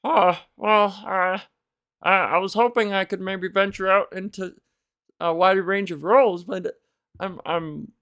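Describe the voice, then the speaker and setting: A woman's voice: mid-range voice, fairly even intonation, a little slow, fairly bright tone, smooth. Woman doing a meek stammering young actor guy. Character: timid eager-to-please young male actor.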